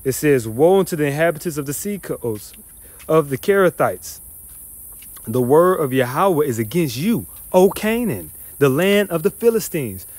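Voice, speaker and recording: A man's voice: fairly high pitch, sing-song, normal speed, darkish tone, dry recording. Heated, profane man teaching scripture. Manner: profane, scornful, emphatic, reads verses then rants.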